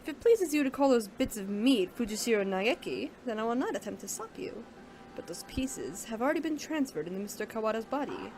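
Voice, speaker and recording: A woman's voice: fairly high pitch, animated, brisk, a little mellow, a little hiss or hum. Woman reading as a cold clinical doctor. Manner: detached, matter-of-fact. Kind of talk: reading a visual novel aloud.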